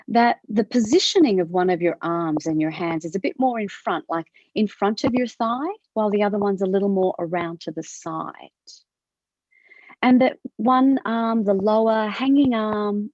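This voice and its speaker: A woman with an Australian accent teaching a movement class over a video call, asking gentle questions with a rising lilt. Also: mid-range voice, dry recording. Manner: gentle questioning, upward inflection. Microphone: video call from her computer. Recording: dull lo-fi video call audio.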